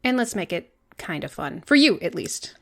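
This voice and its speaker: A woman's voice: lowish voice, big pitch swings, normal speed, gravelly. Rambly woman podcast host, 30s, swears a lot, talks with big emphasis. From Vermont. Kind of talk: casual chat.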